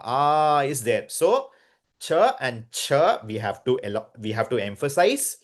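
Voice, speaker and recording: A man leads a chanting lesson at a very unhurried pace. He draws out every syllable and says each word again and again. He often stops to quiz his students. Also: medium pitch, big pitch swings. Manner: drawn-out syllables, repeats words, quizzes students. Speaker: Sanskrit chanting teacher.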